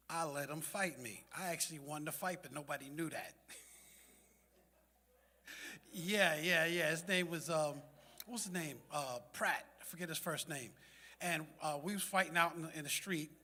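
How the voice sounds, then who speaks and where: A man with a slightly high voice tells a streetwise personal story to a gathered group. His words ring out with a long reverb from the hall. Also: pushed and bright. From South Bronx, New York. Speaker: community meeting speaker.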